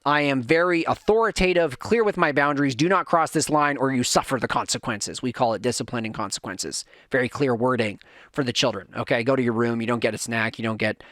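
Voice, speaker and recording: Rambling, animated man ranting on a podcast. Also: fairly high pitch, no room sound, clean studio sound. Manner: rambling, self-correcting storytelling; animated, acts out his kids' voices. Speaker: podcast host. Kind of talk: casual monologue rant.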